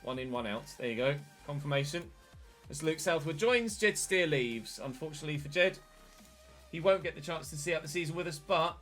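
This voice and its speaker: A man, casually commentating his football management game and breaking into excited shouts at big moments. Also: on the high side, normal speed, faint music behind. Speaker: gaming channel host.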